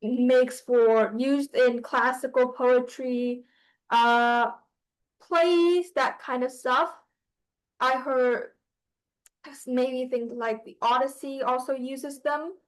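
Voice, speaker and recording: A woman leads an online class, explaining things slowly. Her voice sits high, and her speech is full of pauses, fillers and self-corrections. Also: fairly even intonation, rough recording. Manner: hesitant, many fillers and restarts. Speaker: teacher.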